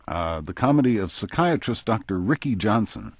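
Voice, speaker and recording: A man hosting a radio interview, asking measured questions. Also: fairly low pitch, expressive, no room sound. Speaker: radio host.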